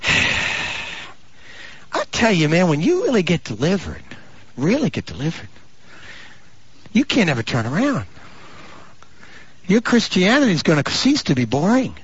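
A pastor delivers a sermon in a husky, rather high voice that swoops constantly through huge pitch swings. He climbs into drawn-out, fervent shouts and slips into mock voices for his asides. The audio is muffled and lo-fi.

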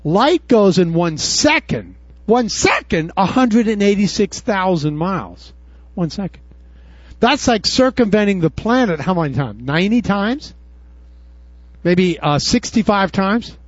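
A man preaching with a high, very lively voice that leaps up in bursts and drops to a murmur. His talk is casual and folksy. The sound is dry and dull, slightly lo-fi. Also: measured pace, no room sound. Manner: animated preaching, swings from loud high bursts to low murmurs; casual, folksy, says "dude" and "y'all". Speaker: pastor. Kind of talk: sermon.

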